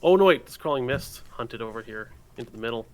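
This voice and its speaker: A man's voice: mid-range voice, fairly even intonation, a little hiss or hum. A man co-hosting a podcast, chatting casually and jokingly while playing a card game. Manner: quick, joking, thinking aloud. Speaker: podcast co-host. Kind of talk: casual game-play chat.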